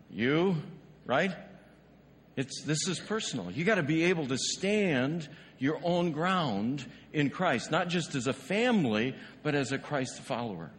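A male pastor preaches conversationally in a church sanctuary, frequently posing rhetorical questions to the congregation. His voice is a little high and fairly bright, trailing a long reverb tail.

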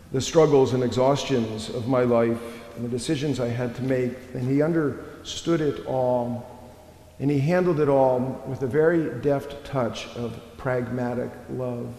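Slow, reflective man preaching in a church. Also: medium pitch, warm tone. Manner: slow, reflective storytelling with long pauses. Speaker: pastor. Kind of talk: sermon. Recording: echoey church hall.

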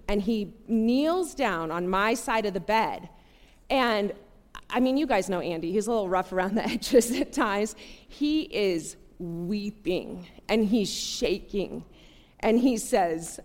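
A woman giving a sermon, telling a personal story in an earnest, conversational and animated way. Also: mid-range voice, takes it slowly. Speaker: preacher. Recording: long hall reverb.

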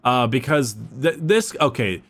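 A man talking through lore on a casual podcast, swearing freely and circling back to restart his sentences. His pitch swings widely as he goes. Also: big pitch swings, a little slow, fairly bright tone. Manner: profane, rambling, lots of restarts. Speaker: podcast host explaining lore.

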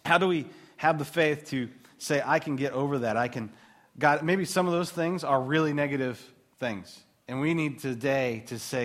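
A male pastor in his thirties gives an animated, conversational sermon full of casual asides, his voice medium in pitch and his pace moderate.

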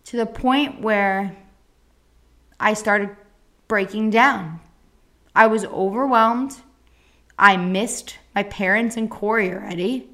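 A woman's voice: mid-range voice, takes it slowly, long pauses. A young woman hosting a podcast, telling a personal story in a blunt, casual way with a lot of swearing. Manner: blunt, frequent swearing, animated retelling. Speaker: podcast host.

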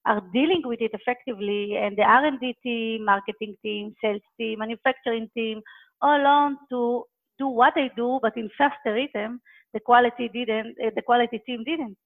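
A fairly high-voiced woman answers interview questions over a thin, phone-like call connection. She talks earnestly and hammers her points home by repeating phrases. The audio is narrow and tinny throughout. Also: moderate pace, creaky. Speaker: guest expert on quality management.

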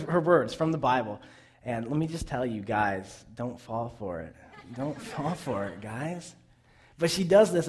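A young man preaching a sermon, retelling a Bible story with lively asides and acted-out dialogue. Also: a little high. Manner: animated storytelling, acting out the characters' lines.

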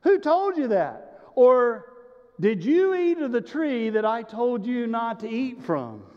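A man's voice: extremely high pitch, very animated, takes it slowly, exaggerated voice. A man voicing God as a stern figure pointedly questioning Adam in a sermon retelling. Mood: probing. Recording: muffled recording in a large reverberant hall.

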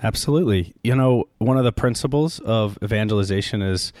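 A male priest from Louisiana talking in a casual interview, telling stories in an animated way and jumping his pitch up for quoted voices. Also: fairly quick, no room sound, clean studio sound. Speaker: Catholic priest, podcaster.

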